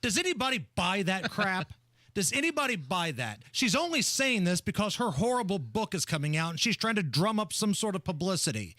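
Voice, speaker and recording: Loud mocking male radio host. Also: high-pitched, sing-song, fairly quick, no echo, clean studio sound. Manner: loud, mocking, laughs a lot. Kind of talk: comedic talk radio banter.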